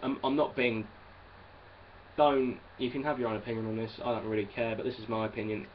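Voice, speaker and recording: A man's voice: mid-range voice, flat delivery, brisk, lo-fi sound, a little hiss or hum. A young man with an English accent ranting in a rambling, exasperated monologue and swearing freely. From England. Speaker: vlogger.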